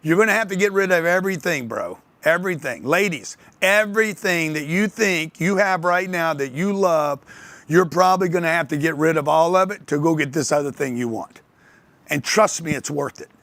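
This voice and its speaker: An older man giving a motivational talk on sales to an audience, telling lively stories and acting out the voices of other people. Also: a little high, moderate pace, no room sound. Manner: animated storytelling, acts out others' voices. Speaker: speaker on sales and wealth.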